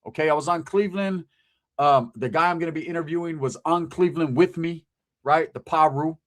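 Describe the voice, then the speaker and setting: Speaking fairly quickly in a slightly high voice, this channel host from Southern California talks straight to camera in a casual monologue. He's blunt and emphatic, swearing and leaning on street slang.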